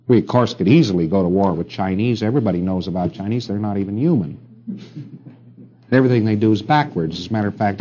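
Brief: middle-aged male lecturer, low and mellow, rambling and wry, old muffled tape. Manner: rambling, wry asides, rhetorical questions to the room. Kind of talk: recorded lecture to an audience.

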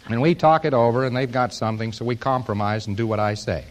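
A man's voice: mid-range voice, fairly even intonation, fast talker, very noisy. An American man giving an informal lecture to an audience, with a wry, joking, rambling delivery.

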